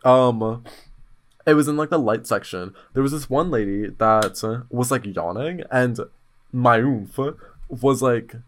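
A man chatting as a podcast host, telling his stories bluntly and full of slang. His voice sits at an ordinary pitch for a man but leaps up when he gets excited. The delivery is casual and animated. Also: unhurried, slight background noise. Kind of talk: casual chat storytelling.

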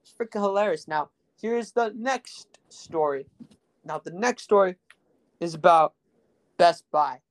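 A man's voice: high voice, expressive, a little slow. Rambling young man telling stories. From Rio Grande Valley, Texas. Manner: rambling, crude, joking, full of fillers. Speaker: podcast host. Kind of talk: casual storytelling podcast.

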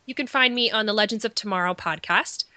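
A woman with a bright, sharp voice co-hosts a casual podcast chat while stuffed up from a cold. She answers quickly and easily, and the sound is dry and close. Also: mid-range voice, no echo. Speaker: podcast co-host.

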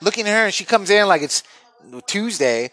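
A man's voice: sits high, lively intonation, a little fast, sharp tone, no room sound. A man telling a crude comic story, acting out other people's voices with big jumps.

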